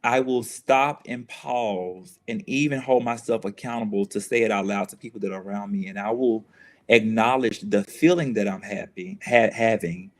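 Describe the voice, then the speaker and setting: A man's voice: fairly low pitch, normal speed. A man, speaking as a guest in an earnest, reflective conversation, often restarting and repeating phrases as he works through his thoughts.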